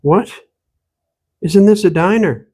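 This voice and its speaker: A man's voice: sits high, takes it slowly, a little mellow, husky, pitched above the performer's own voice, exaggerated voice. A man voicing a frustrated young trainee priest who grumbles to himself and presses an old woman for help. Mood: pleading. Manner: grumbling under his breath.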